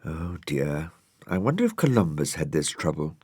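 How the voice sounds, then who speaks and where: Man voicing a vain male dog, low voice, huffy, plummy, dry sound, storybook. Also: very animated, normal speed, mellow, slightly rough, no room sound, exaggerated voice. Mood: indignant. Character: vain, fussy, self-pitying male dog.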